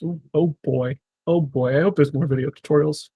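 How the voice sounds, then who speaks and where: A man casually commenting on a live stream as he works through software, muttering to himself in a wry, self-mocking way. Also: fairly high pitch, steady tone, normal speed, hardly any pauses, no echo.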